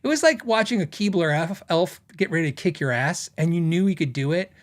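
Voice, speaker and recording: A man's voice: fairly high pitch, lively intonation, fairly quick. A middle-aged man hosting a casual podcast, telling stories in a rambling way with lots of fillers as he reads out viewer comments. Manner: rambling storytelling with frequent fillers and laughs. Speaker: podcast host.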